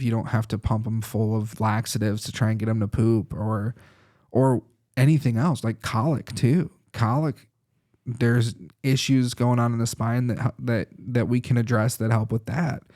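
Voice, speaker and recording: A man who is a chiropractor, a guest on a podcast, telling lively stories in casual conversation and laughing often. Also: medium pitch. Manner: lively anecdotal storytelling with frequent laughs.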